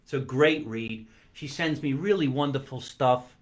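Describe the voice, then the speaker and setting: A man's voice: mid-range voice, measured pace. A man hosting a comedy talk show from his basement, chatting playfully while he eats and stretching out words for comic emphasis. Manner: talks while eating. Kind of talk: live-streamed comic monologue. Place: home basement.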